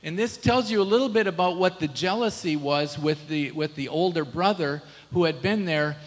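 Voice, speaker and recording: A man's voice: a little high, moderate pace, long reverb tail, low-quality recording. A male pastor preaching a sermon in a casual, conversational way, often asking the congregation rhetorical questions. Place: church sanctuary.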